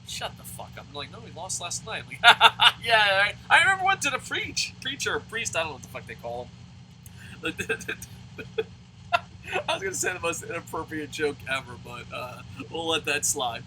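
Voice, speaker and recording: A man from New Jersey reviewing a wrestling show in a loud, profane, laughing rant that jumps into high shouts. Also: very animated, moderate pace, slight background noise, low-quality recording. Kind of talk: profane animated ranting review.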